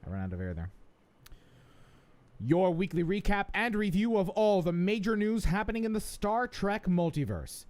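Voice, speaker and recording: A man's voice: sits high, sing-song, moderate pace, a little mellow. A man hosting a fan podcast, joking and stumbling through the intro. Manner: jokey, scattered, restarts intro lines. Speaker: podcast host. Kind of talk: casual podcast banter.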